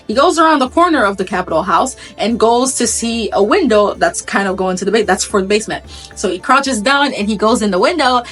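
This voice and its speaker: A woman's voice: mid-range voice, a bit bright, slightly rough. A woman casually retelling a story, chatty, with many asides.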